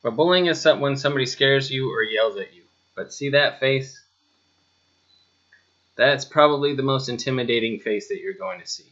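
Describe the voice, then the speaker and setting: In a mid-range, slightly bright voice at a moderate pace, a man narrates a lesson over slides, addressing the listener directly. Rhetorical questions and a touch of sarcasm run through it, on lo-fi audio.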